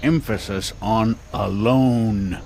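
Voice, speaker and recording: A vain, whiny male stone head from a video game. He drawls slowly in a deep voice, with faint noise behind. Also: vocal fry, darkish tone.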